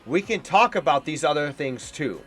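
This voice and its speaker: A man rants in scornful reaction commentary, his pitch swinging widely from line to line. Faint music plays underneath. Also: very animated, moderate pace, a bit bright. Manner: indignant, heated and scornful, ranting. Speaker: political commentator.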